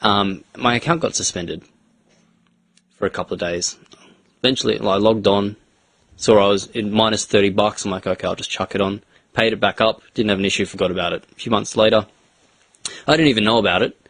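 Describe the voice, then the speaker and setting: A man's voice: fairly low pitch, fairly quick, long pauses, a bit bright, no room sound. A man co-hosting a casual chat, telling his story in a plain, matter-of-fact way.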